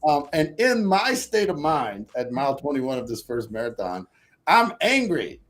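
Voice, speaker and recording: A man with a fairly high voice tells a personal story in a casual interview. He talks in an animated way and acts out what he was thinking back then. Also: normal speed. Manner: animated, acts out his own past thoughts. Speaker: podcast guest.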